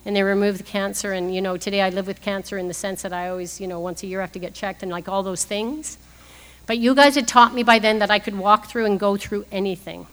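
A woman's voice: mid-range voice, fairly even intonation, fast. Woman, fifties, humorous personal testimony, laughs a lot, long hall reverb. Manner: laughing often while telling her story. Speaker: speaker at a recovery meeting. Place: meeting hall.

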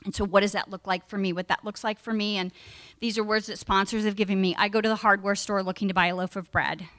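A woman's voice: medium pitch, fairly even intonation, fast, a bit bright. A middle-aged woman giving a candid personal testimony at a recovery meeting, emphatic and frank. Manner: candid, emphatic, acts out her past self in raised voice.

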